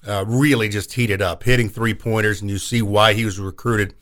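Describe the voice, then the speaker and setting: A man co-hosting a sports talk radio show, recapping a game in a relaxed way. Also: on the low side, normal speed.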